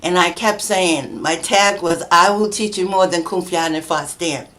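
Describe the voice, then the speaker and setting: Middle-aged woman, low voice, chatty storyteller who laughs a lot and plays out the voices of people she quotes; a podcast guest. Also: a little slow, a bit bright. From New Bedford, Massachusetts, USA. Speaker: guest, children's book author. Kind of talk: casual conversational storytelling.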